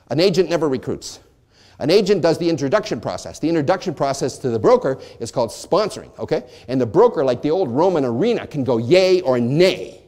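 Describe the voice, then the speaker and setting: A man's voice: medium pitch, warm tone. A middle-aged man presenting at a lunch seminar, asking questions aloud and answering them himself as if playing both sides. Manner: asks and answers his own questions, voicing both sides. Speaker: real estate brokerage presenter.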